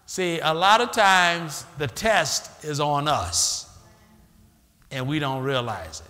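A man preaching, his voice bright and fairly high, swinging widely in pitch. He calls out for answers from the congregation and acts out church members. Long reverb from the big church hall trails every phrase. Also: animated, slow. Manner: call-and-response preaching, acting out church members. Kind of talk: sermon.

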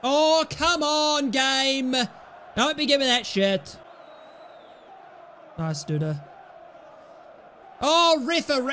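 A young man commentating his own football gameplay, excitable, yelling and swearing at the game. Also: very high-pitched, measured pace, pauses often, some chatter behind, slight background noise. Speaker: gaming YouTuber.

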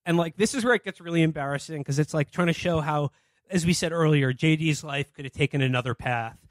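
A man's voice: on the high side, fast talker, dry recording, studio quality. A man co-hosting a casual comedy podcast, swearing freely, laughing, and acting out scenes as he retells them. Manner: profane, laughing, acts out quoted characters. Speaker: podcast co-host.

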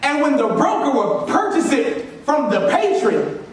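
A man's voice: extremely high pitch, very animated, unhurried, very echoey, far from the mic, poor audio. A man preaching a sermon as pastor, repeating his lines and calling on the congregation to answer back. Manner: call-and-response preaching, repeats lines for emphasis. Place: church sanctuary.

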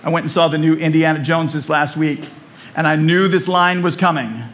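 A man's voice: on the high side, fairly even intonation, normal speed, a bit bright. A man preaching a sermon in a church, conversational and repetitive, with humorous asides. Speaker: pastor. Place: church sanctuary.

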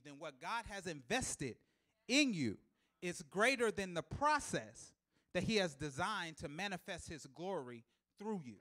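A man preaching a live sermon in a church, repeating key lines for emphasis and building to loud, emphatic shouts, with chuckles between points. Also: sits high. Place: church sanctuary.

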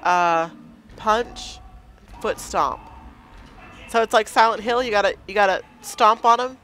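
A woman's voice: medium pitch, a little slow, a bit bright. A woman playing a horror game and commenting casually, nervous and self-mocking, talking to the game. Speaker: let's play gamer.

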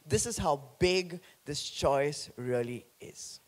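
A man pastor preaching an animated sermon, joking with the congregation. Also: sits high, a little slow, hardly any pauses.

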